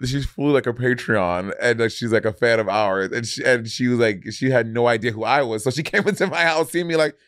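A man with a light Caribbean accent co-hosts a podcast, telling stories in a loose, chatty way and laughing often. His voice sits at an ordinary pitch and is recorded dry and close. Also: a little fast, few pauses, a bit bright, dry recording. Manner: laughing, storytelling, many "like" fillers. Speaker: podcast co-host. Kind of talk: casual chat.

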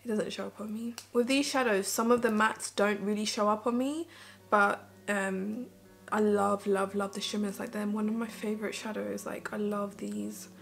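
A woman's voice: medium pitch, steady tone, moderate pace, gravelly, faint music behind. A woman beauty vlogger talking her viewers through her makeup in a chatty, rambling way, filling her speech with "like". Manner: chatty, rambling, heavy use of "like". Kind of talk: casual get-ready-with-me chat.

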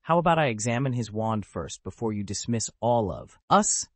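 A man's voice: lowish voice, expressive, moderate pace, dry recording. A man playing a genial old wandmaker.

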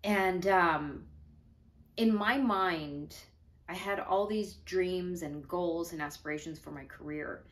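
A woman's voice: fairly low pitch, slow pace, fairly bright tone. A woman in her thirties, a comedian talking casually to camera in a chatty, earnest way, a little out of breath. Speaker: comedian and video host.

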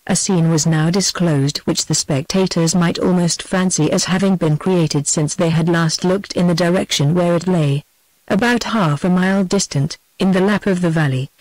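A synthetic text-to-speech woman's voice with a British English accent, reading a storybook in an even, measured way. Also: lowish voice, no room sound, rough recording. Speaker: audiobook narrator.

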